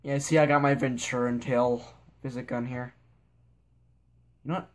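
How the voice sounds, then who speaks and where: A man's voice: mid-range voice, level tone, moderate pace. A young man giving goofy, rambling commentary while playing a sandbox game, talking to himself and the characters on screen. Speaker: gameplay video maker. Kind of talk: casual gameplay commentary.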